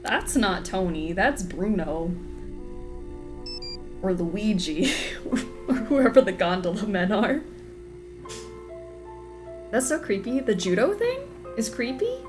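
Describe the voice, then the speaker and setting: Slow, joking woman streamer. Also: mid-range voice, sing-song, music in the background. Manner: chatty, joking, laughs often. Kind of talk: casual gameplay commentary.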